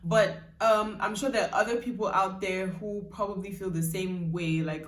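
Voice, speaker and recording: This YouTuber is a young woman with a mid-range voice, a steady tone and a normal speaking speed. She chats casually in her vlog, rambling, laughing often, and switching between Nigerian and British accents. The audio is roomy, picked up from a distance.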